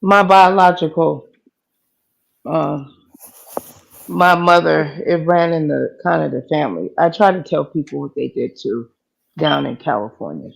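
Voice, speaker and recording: A woman's voice: low voice, a little slow, creaky, pauses often, rough recording. A woman hosting a live call-in show, casual and slangy, laughing often. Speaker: host.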